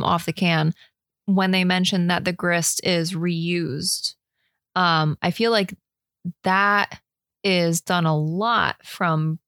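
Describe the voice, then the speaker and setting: A woman's voice: on the low side, fairly bright tone, no echo, clean studio sound. A woman co-hosting a beer-tasting podcast in casual chat, laughing easily and restarting her sentences. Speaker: podcast co-host.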